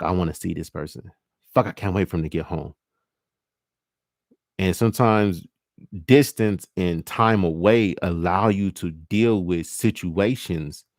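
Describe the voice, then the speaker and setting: Deep-voiced casual man. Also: a little mellow, no room sound, clean studio sound. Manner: loose, profane, acts out both partners in quick quoted bits. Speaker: livestream host. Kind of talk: casual monologue on relationships.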